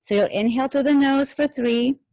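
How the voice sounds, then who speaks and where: A woman teaching yoga and meditation, calmly guiding a breathing exercise step by step and counting the breaths aloud. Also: sits high, moderate pace. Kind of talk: guided breathing instruction.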